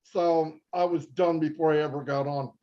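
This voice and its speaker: Older man, high-pitched, muffled lo-fi sound, effusive and repetitive, casual pep talk. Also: steady tone, moderate pace, dark tone.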